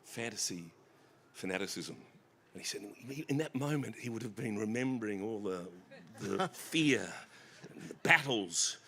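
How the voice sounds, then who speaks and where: A middle-aged Australian man telling family stories as an author guest on a festival stage, animated and laughing. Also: lowish voice, normal speed. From South East Queensland, Australia. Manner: animated, bursts into shouted impressions and laughter.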